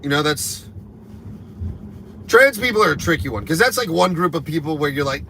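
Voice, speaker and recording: Bright-voiced man ranting crudely while driving. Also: fairly high pitch, animated, slight background noise. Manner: crude, rambling, deliberately offensive. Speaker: comedian. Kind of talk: provocative live stream rant while driving. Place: inside a moving car.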